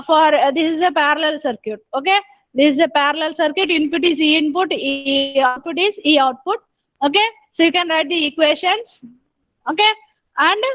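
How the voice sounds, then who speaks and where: Very high-pitched woman lecturing. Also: dry recording. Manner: explains step by step, repeats with frequent "okay". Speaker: engineering lecturer. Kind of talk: online lecture. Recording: dull, dry lo-fi recording.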